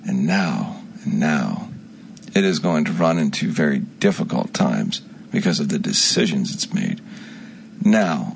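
In an unscripted radio monologue, a man casting himself as a prophet rambles on, restarting often and lurching suddenly between loud and quiet. His voice sits fairly low, with a little hiss or hum on the recording.

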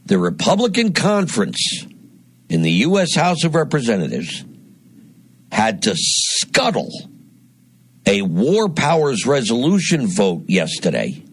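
A man hosting a radio talk show, delivering a deliberate, emphatic commentary monologue with dramatic pauses. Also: lowish voice, breathy edge. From Northeast Pennsylvania.

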